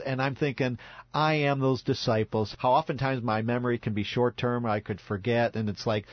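A man's voice: mid-range voice, steady tone, moderate pace, no echo. Brief: male co-host, reflective and earnest, dry dull recording. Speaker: Bible study podcast co-host. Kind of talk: casual Bible discussion.

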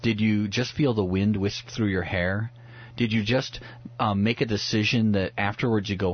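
Earnest low-voiced man teaching scripture. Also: steady tone, moderate pace, dull audio. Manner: earnest, reflective, with frequent restarts. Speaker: pastor, radio guest. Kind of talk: conversational Bible teaching.

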